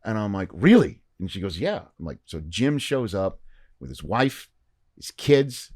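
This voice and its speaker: A man's voice: on the low side, big pitch swings, a little slow, darkish tone, no echo, studio quality. A middle-aged man hosting a podcast, telling a long anecdote in a casual, rambling way with lots of fillers. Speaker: podcast host. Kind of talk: casual storytelling chat.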